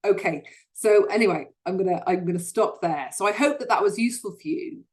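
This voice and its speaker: Woman, slightly low voice, earnest, self-help talk, stumbles on sentence starts. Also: darkish tone. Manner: earnest, repeats words when starting sentences. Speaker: host.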